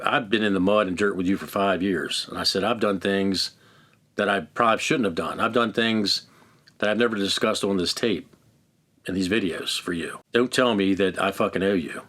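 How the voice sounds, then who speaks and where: Blunt, foul-mouthed man with a very deep voice. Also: normal speed, fairly bright tone. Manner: blunt, heavily profane, acts out quoted exchanges. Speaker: interviewee recounting his own past. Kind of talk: candid first-person storytelling.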